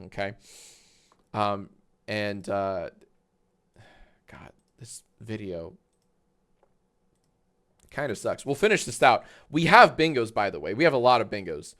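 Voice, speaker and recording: A man streaming live and reacting to a clip, talking in a halting, rambling way with sudden swearing outbursts. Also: fairly low pitch, expressive, fairly bright tone.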